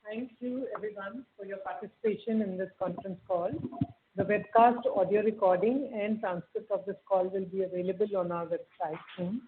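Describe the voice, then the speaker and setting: Formal closing remarks, tinny line. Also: female voice, mid-range voice, steady tone, normal speed, background noise. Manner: polite, formal. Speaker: investor relations head closing the call. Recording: tinny distant phone line.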